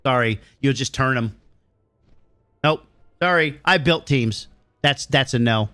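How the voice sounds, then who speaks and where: A man's voice: medium pitch, measured pace, a bit bright, dry recording. A middle-aged man streaming a game and answering his chat, ranting bluntly and swearing freely. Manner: blunt, profane, riled-up ranting.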